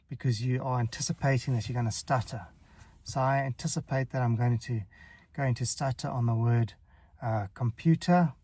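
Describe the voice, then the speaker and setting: A man giving casual, relaxed advice about stuttering, chuckling often and stuttering on some words. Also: mid-range voice, dry recording. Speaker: stuttering coach. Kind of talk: casual advice talk to camera.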